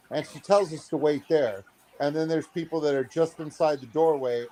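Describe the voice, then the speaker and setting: In a casual vlog, a man in his thirties who keeps aquariums as a hobby tells an animated story, acting out the people in it and using lots of fillers. His voice is mid-range, with a little hiss or hum behind it.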